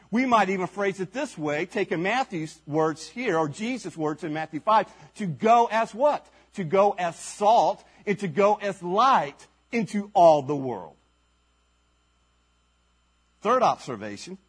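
A male pastor delivering a sermon, his fairly high voice rising and falling in wide, animated swings. His tone is husky and breathy, and he takes his time, pressing each point with emphasis and rhetorical questions. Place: church service.

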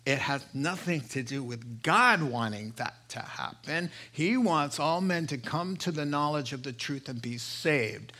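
Male pastor, bright voice, slightly high pitch, preaching sermon, impassioned swings from hushed to emphatic. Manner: impassioned, rising to emphatic peaks, dropping to hushed asides.

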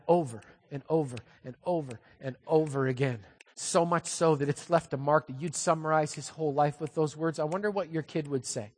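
Animated, high-voiced male pastor preaching. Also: moderate pace. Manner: animated, humorous storytelling. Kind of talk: sermon. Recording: long hall reverb.

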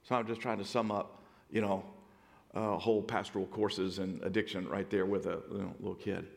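A middle-aged man preaching a sermon, telling stories and moving from hushed, quiet passages to loud, emphatic points. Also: low-pitched, little pitch movement, brisk, vocal fry, long reverb tail. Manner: storytelling, dynamic swings from hushed to loud emphatic. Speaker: pastor.

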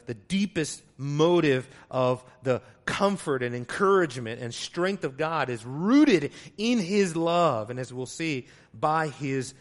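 Man, preacher, sermon, teaching tone, fairly high voice, quiet asides, loud emphatic stresses. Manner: teaching, explains Greek wording.

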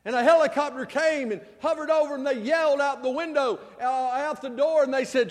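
A man, a pastor, preaching a sermon, his voice swinging between loud outbursts and hushed, low passages. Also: normal speed, hardly any pauses. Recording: long hall reverb.

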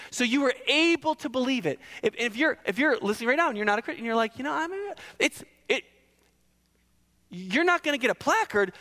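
Emphatic high-voiced male preacher. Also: sharp tone, big-room sound. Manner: emphatic, asks and answers his own questions. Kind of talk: sermon.

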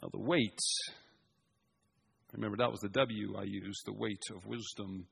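A man preaching an expository sermon, shifting between emphatic raised passages and quiet asides. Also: on the low side, steady tone, moderate pace, vocal fry, breathy edge.

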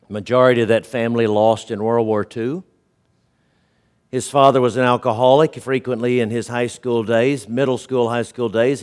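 A man preaching to his congregation in an earnest, storytelling way. His voice sits at an ordinary middle pitch and often sinks low and soft for emphasis. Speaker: pastor. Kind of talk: sermon.

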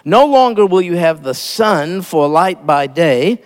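High-voiced man preaching slowly in a hall. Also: expressive. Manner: emphatic, repeats key phrases. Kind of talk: sermon.

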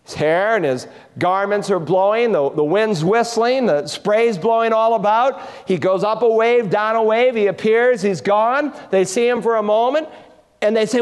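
A preacher with a high, bright-sitting voice delivers an expressive sermon to his congregation. He swings his delivery for emphasis and drops low and hushed on the tender passages. A long reverb trails each phrase, as in a church sanctuary. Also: normal speed, clean tone. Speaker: pastor.

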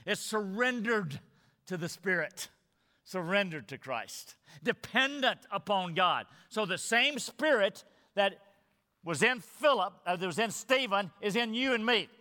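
A man's voice: high-pitched, expressive, unhurried, sharp tone, in a large hall. A male pastor preaching a sermon, emphatic, repeating parallel phrases for stress.

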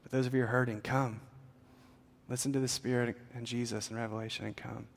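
A man gives an earnest, conversational sermon as a pastor, with frequent "uh"s and restarts. His voice sits at a middle pitch. A long reverb rings through the church hall. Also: little pitch movement, fast talker, gravelly.

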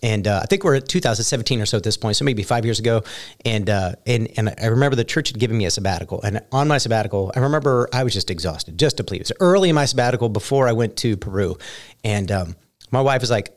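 Casting note: male pastor, lower-pitched, rapid-fire talker, animated storyteller. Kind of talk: casual faith conversation.

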